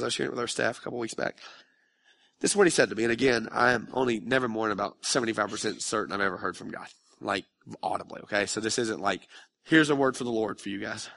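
Impassioned, bright-voiced male pastor preaching. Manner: conversational and confessional, surging loud and high when emotional. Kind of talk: sermon. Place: church sanctuary.

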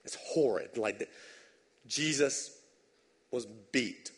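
A man's voice: mid-range voice, slow pace, husky. Conversational man preaching in a reverberant hall. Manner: conversational, animated, tag questions. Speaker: pastor. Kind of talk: sermon.

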